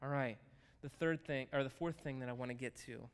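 A pastor giving a conversational, joking sermon, animated and lively at times. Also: male voice, medium pitch, a little fast, smooth. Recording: hall reverb.

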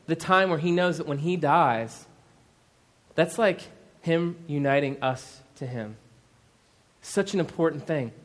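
Conversational man preaching a sermon, slightly high. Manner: conversational, with many fillers and asides. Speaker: pastor.

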